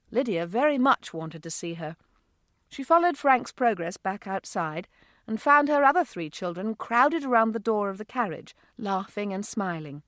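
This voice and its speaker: A woman narrating an audiobook in a smooth, expressive reading voice. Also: mid-range voice, moderate pace, dry recording, clean studio sound. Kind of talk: scripted narration.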